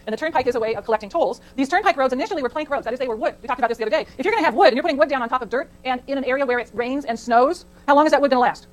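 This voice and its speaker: A woman's voice: high-pitched, racing, hardly any pauses, poor audio. A middle-aged woman from California giving a chatty classroom lecture, digressing into anecdotes and asking the class questions. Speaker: college lecturer. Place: lecture hall.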